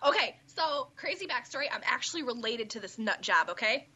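A woman in a casual chat, excitable and freely swearing. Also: a little high, fairly quick, husky, lo-fi sound. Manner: excitable and profane.

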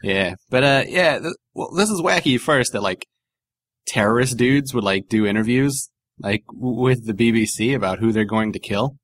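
A man's voice: mid-range voice, lively intonation, normal speed, no echo. A man rambling through a comedy podcast, swearing and joking with loose filler words. His voice sits in the middle range and is recorded close and dry, with no room sound. He keeps the talk loose and irreverent. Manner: rambling, profane, jokey, many fillers. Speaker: podcast co-host. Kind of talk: casual comedic chat.

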